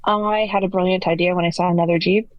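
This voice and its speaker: A woman's voice: on the low side, steady tone, quick pace, dry recording, dull audio. A woman in her forties from Canada, a podcast guest earnestly recounting her story in detail. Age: 40s. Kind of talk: storytelling interview answers.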